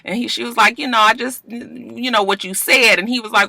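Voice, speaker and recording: Sassy woman recapping a show, bright voice. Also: fairly high pitch, a little fast, creaky, no room sound. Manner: animated, sassy, acts out scenes in voices. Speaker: TV recap vlogger.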